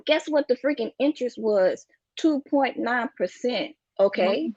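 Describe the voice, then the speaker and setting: Emphatic high-voiced woman preaching about money. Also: expressive, measured pace, darkish tone, no room sound, highs cut off. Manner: preachy, repeats "you get what I'm saying". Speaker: guest speaker on finances. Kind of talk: emphatic motivational talk.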